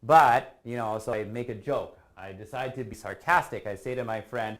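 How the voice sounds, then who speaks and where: A man teaching a casual online English lesson over a video call. He explains patiently and often checks in with a quick question at the end of a point. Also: fairly low pitch.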